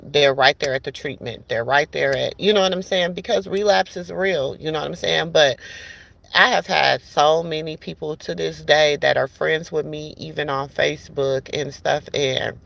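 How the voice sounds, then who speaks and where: Gravelly-voiced woman telling stories casually. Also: low-pitched, unhurried, a bit bright. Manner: chatty, addresses listeners as "y'all" and "baby", many restarts. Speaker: podcast host. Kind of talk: casual storytelling chat.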